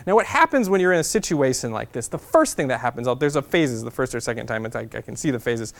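A man in his thirties from Nebraska, telling a lively travel story as a guest speaker to a class, repeating a refrain and acting out the voices he quotes. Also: medium pitch, fast, creaky. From Nebraska, USA. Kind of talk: storytelling lecture to students.

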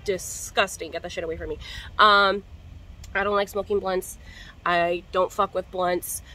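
A woman's voice: on the low side, steady tone, a little slow, pushed and bright, low-quality recording. A young woman vlogger in casual chat to camera, slangy and profane, coughing now and then. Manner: chatty, slangy and profane, coughing between hits.

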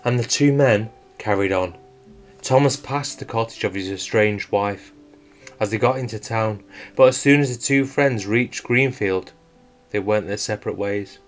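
A man telling a true-crime story as scripted narration, in a measured, suspenseful storytelling manner. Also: fairly low pitch. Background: faint guitar music.

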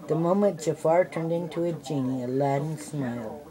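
An older woman reading a children's storybook aloud, adding gentle asides for the listening kids. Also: low-pitched, moderate pace, low-quality recording. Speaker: storybook reader.

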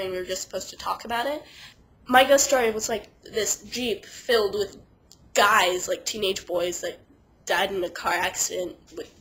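A young woman with a stuffy nose from being sick, chatting casually to camera and telling a story in a rambling, animated way. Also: mid-range voice, poor audio. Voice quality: nasal. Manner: chatty, animated, lots of "like", funny voices for quoted people. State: sick and congested. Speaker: vlogger.

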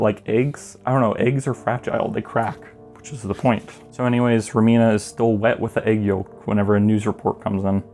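A man's voice: on the low side, mellow. A man recapping a manga in a casual, joking way, full of rambling asides. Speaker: video essayist reviewing a manga.

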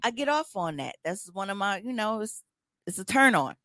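A woman, co-hosting a podcast in blunt, animated, profane casual chat. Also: medium pitch, moderate pace, dry recording, studio quality. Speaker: podcast co-host.

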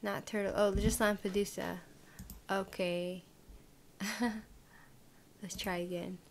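A woman's voice: medium pitch, flat delivery, takes it slowly, creaky, slight background noise. A woman vlogger giving casual reaction commentary, indignant and rambling, with many fillers and restarts.

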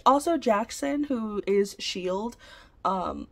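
A young woman chatting casually in a book vlog, gushing and excitable, full of fillers and quick asides. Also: medium pitch. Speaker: book vlogger.

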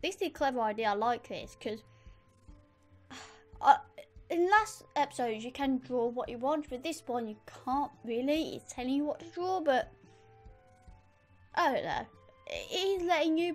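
High pitched girl doing let's play commentary, chatty and excitable, quiet music behind. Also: normal speed. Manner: chatty, easily excited, talks to viewers. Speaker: gamer.

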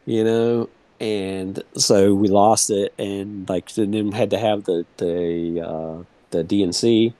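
A man's voice: fairly low pitch, steady tone, slow pace, hardly any pauses, mellow, no echo. A man in his thirties, a guest in a casual interview, telling a personal story in a rambling way, full of "like" and "you know".

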